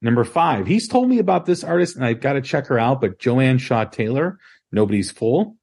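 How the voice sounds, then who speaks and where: A man hosting a casual music podcast, talking in a relaxed, rambling way with many ums and restarts. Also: medium pitch, normal speed, gravelly, slightly rough. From Chicago area. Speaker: podcast host.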